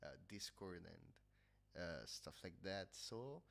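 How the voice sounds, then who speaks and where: Speaking through a headset, this man has a low-pitched, creaky voice with a fairly bright tone, expressive but slow. He's from Italy, chatting casually in Italian-accented English on a livestream, nasal and hesitant, frequently stopping to find his words.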